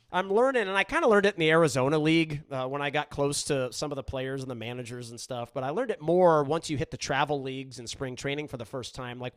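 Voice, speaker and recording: A middle-aged man hosting a podcast, telling a story in a relaxed, chatty way with frequent restarts. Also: on the high side, no echo. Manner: relaxed, conversational, frequent restarts and "you know". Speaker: podcast host. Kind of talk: storytelling in casual chat.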